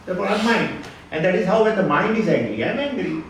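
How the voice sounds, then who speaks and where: A man giving a spiritual lecture, lively and fond of rhetorical questions and repeated phrases. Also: high voice, quick pace, distant mic. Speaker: Vedanta teacher. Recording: echoey hall, speaker away from the mic, faint noise.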